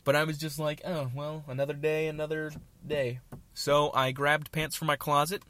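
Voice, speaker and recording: A man's voice: on the high side, level tone, moderate pace, pushed and bright. A young man hosting his own show, telling a rambling, self-mocking story in casual chat with jokey asides. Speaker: podcast host.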